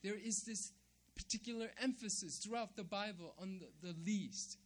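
A man's voice: sits high, moderate pace. A man preaching a sermon, emphatic, repeating key phrases and checking in with "right?". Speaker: pastor.

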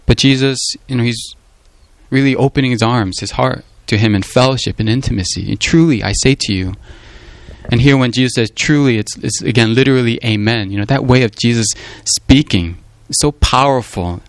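A man delivers a sermon in an earnest, emphatic manner at an even middle pitch. He circles back on his words and keeps slipping in "you know" as he explains. The recording is dry, with no room echo. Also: a little fast. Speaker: preacher. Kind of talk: sermon on a Gospel passage.

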